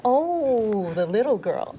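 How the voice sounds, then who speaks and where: A woman's voice: a little high, very animated, slow pace, background noise. A woman co-hosting a TV talk show in a studio, reacting with enthusiastic exclamations. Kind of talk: TV studio interview.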